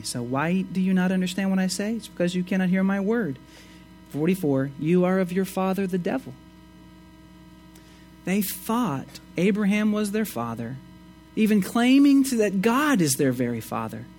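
High-pitched guy preaching, loud bits then quiet asides, faint music behind. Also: normal speed. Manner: expressive, swings between emphatic rises and low asides. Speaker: pastor. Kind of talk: sermon.

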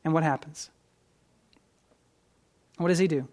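A pastor preaching a sermon to a congregation, swinging between loud stressed phrases and quiet asides, and often repeating words when restarting a thought. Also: medium pitch, steady tone, a little slow.

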